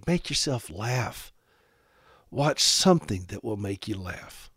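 A man from South Carolina hosting a radio talk show, speaking straight to his listeners with sarcastic, animated humor. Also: fairly low pitch, slow pace, husky, dry recording, clean studio sound. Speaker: radio host.

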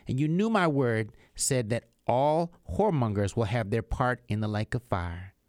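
A man reads the part of Jesus, a gentle and solemn grown man in a spoken story. The delivery is calm, measured and earnest, with a lively, moving pitch, in a dry, close sound. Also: no echo, natural voice.

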